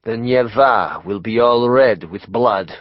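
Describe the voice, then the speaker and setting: A man narrating an audiobook voices a grave male mystic prophesying doom, slow and hushed. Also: medium pitch, no room sound, highs cut off. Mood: foreboding. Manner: slow, hushed, ominous delivery. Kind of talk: audiobook character voice.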